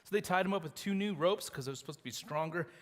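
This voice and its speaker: A fairly high-voiced man preaches to his church, telling the story with animated energy and little acted lines. His voice rings out with a long hall reverb around it. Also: quick pace. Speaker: pastor. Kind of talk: sermon. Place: church sanctuary.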